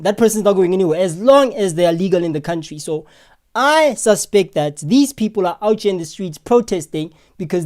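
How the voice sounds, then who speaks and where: A man hosting reaction commentary, explaining and teasing in a relaxed, repetitive way. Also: sits high.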